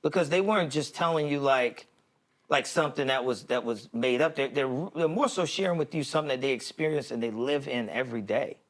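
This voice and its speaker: A man's voice: mid-range voice, brisk. A man co-hosting a faith podcast, talking in a reflective way that is full of restarts and repeated words. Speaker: podcast co-host. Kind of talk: casual discussion.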